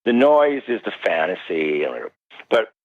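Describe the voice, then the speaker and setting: A man being interviewed as a guest parapsychologist, telling stories animatedly with sudden jumps in pitch. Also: big pitch swings, unhurried. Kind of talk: recounting stories in a radio interview. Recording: dull lo-fi radio call.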